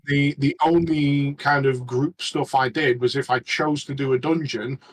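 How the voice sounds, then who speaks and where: A man chatting casually as a regular on a podcast, rambling and halting with many restarts. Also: mid-range voice, steady tone, poor audio. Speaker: regular panelist.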